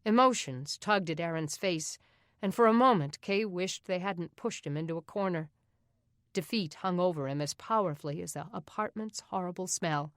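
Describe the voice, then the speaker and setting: A woman narrating an audiobook in a steady, even reading. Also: fairly low pitch, normal speed, dry recording, clean studio sound. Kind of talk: scripted narration.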